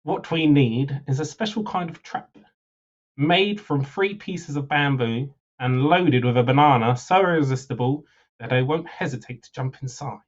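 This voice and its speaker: A man's voice: mid-range voice, moderate pace, highs cut off, close to an everyday voice. A man voicing a scheming, sly male scimitar merchant, reading game dialogue aloud with hammy sales patter on a livestream.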